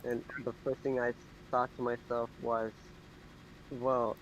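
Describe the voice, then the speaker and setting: A man who is a bit sick, giving a measured, wry take in casual chat. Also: medium pitch, little pitch movement. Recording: dull lo-fi mic with hiss.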